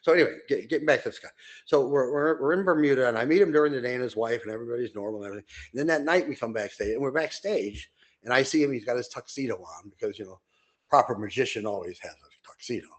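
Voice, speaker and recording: An older man co-hosting a podcast, telling long rambling anecdotes full of fillers and restarts, and jumping into high voices when he quotes people. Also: fast talker. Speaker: podcast co-host. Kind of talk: casual storytelling chat.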